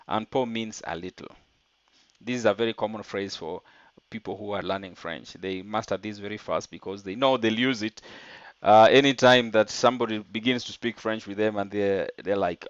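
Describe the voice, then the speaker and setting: A man's voice: on the low side, fairly even intonation, normal speed, no room sound, muffled recording. A man teaching an online French lesson, explaining step by step and translating French phrases into English.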